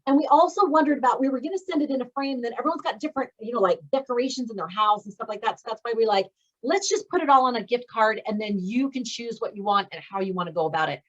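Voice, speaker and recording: A woman with a fairly high voice leads a graduation call for her speaking students, gushing with encouragement and praise. The audio comes through slightly muffled and lo-fi, like a video call. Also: fast talker. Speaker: speaking coach and course host.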